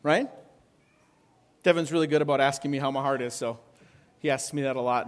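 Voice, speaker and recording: A man preaching a sermon in a conversational way, often checking in with the congregation with quick questions. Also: medium pitch. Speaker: pastor.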